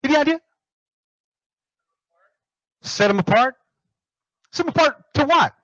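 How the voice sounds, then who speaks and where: A man's voice: very high-pitched, animated, a little slow, bright, forceful tone, dry recording. A man preaching a sermon, emphatic, repeating phrases and asking the congregation questions. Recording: muffled dry recording.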